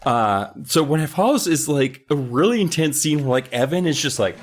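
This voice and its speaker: A man's voice: mid-range voice, sing-song, moderate pace. A man co-hosting a podcast, retelling a book's plot in loose, profane, rambling commentary. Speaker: podcast co-host. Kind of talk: casual book recap chat.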